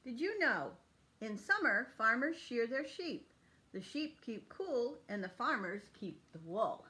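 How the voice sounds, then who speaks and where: A woman preschool teacher reading a picture book aloud to children in a clear, sing-song teaching voice. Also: fairly high pitch, very animated, unhurried, pushed and bright.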